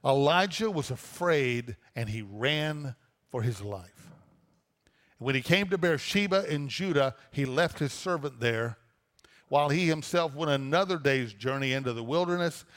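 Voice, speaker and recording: A man's voice: medium pitch, lively intonation, a little slow, a bit bright, long reverb tail. A man preaching a sermon, reading a scripture passage aloud and then explaining it with rhetorical questions. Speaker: pastor.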